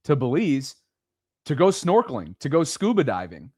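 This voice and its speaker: A man hosting a podcast, framing the story and asking steady follow-up questions. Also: mid-range voice, moderate pace, slightly rough, no echo, clean studio sound. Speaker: podcast host. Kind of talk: conversational podcast interview.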